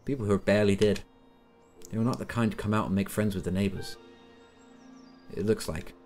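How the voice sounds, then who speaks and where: A man's voice: lowish voice, fairly even intonation, brisk, darkish tone, natural voice. A man voicing a laid-back, friendly male small-town mechanic in a put-on American accent, calling everyone man, with faint music behind. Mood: grave. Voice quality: casual drawl, calls everyone man.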